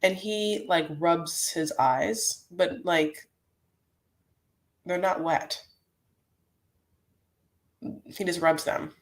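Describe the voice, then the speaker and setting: A woman hosting a casual live recap of a reality show, talking in a chatty, rambling way full of "like"s and quick asides. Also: on the low side. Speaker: host.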